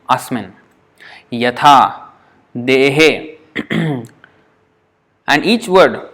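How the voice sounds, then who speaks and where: Guy teaching verse pronunciation, patient, kinda halting, repeats words slow. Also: mid-range voice, fairly bright tone. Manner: halting, with fillers and self-corrections. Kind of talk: classroom lesson.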